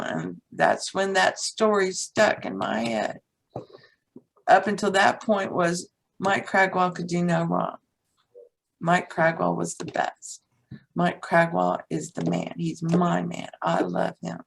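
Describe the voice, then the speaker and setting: A teacher and author appears as a guest and tells a personal story bluntly and frankly, with casual swearing. Her voice is fairly low and creaky, captured on a low-quality recording.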